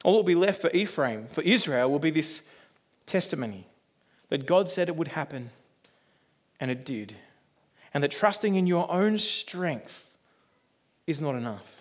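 A male preacher gives an earnest, conversational sermon. His voice sits high for a man. He leans on rhetorical questions to draw in his listeners. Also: lively intonation, measured pace, pauses often.

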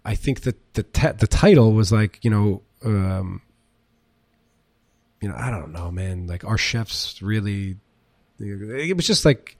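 Brief: middle-aged male chef, low voice, rambling anecdotes, dry close mic. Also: unhurried, no echo. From United States. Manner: rambling, animated, swears, many fillers. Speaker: chef and restaurant owner, guest. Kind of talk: casual storytelling interview.

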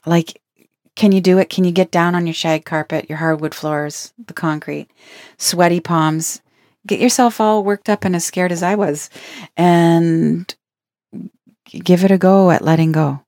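Woman speaker with a low voice, earnest, playful self-help talk, dry close sound. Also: steady tone, measured pace, a little mellow, no echo. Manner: earnest, playful, laughs between points. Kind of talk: reflective spoken talk.

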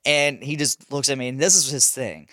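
A man's voice: medium pitch, normal speed, no room sound, clean studio sound. A young man telling a casual story as a podcast host, laughing often and swearing freely. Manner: animated, laughing, swears a lot.

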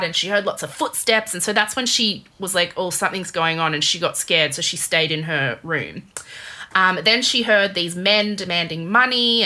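A woman casually telling a true crime story to her co-host, chatty and animated, with lots of fillers. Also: lowish voice.

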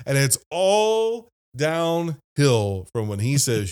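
A man's voice: mid-range voice, animated, slow, few pauses, a little mellow, clear, resonant tone. A man from Ohio hosting a casual movie-review podcast, laughing often and mimicking lines from films. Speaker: podcast host.

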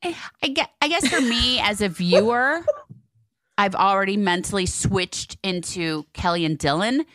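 A woman co-hosting a casual podcast, reading ads and chatting in an animated, laughing way. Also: medium pitch, measured pace. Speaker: podcast co-host. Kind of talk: casual chat and read ads.

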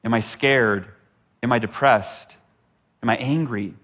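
A man's voice: medium pitch, unhurried, a bit bright, slightly rough. A middle-aged man telling a personal story as a motivational speaker, earnest and often repeating words for emphasis. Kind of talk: storytelling talk.

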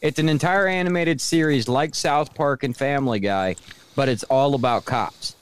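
A man's voice: mid-range voice, normal speed, clean tone. A man co-hosting a podcast in casual chat, telling a rambling, amused story. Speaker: podcast co-host.

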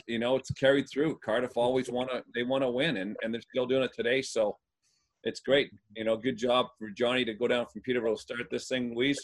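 A man from North America, a former hockey player, telling stories in a rambling, filler-heavy way. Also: medium pitch. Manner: rambling, lots of fillers, animated. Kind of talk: casual storytelling.

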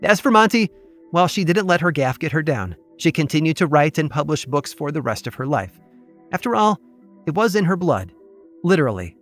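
A man hosting a podcast, telling a true story in scripted, measured narration with a wry touch. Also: fairly high pitch, very animated, a bit bright. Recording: faint music bed behind.

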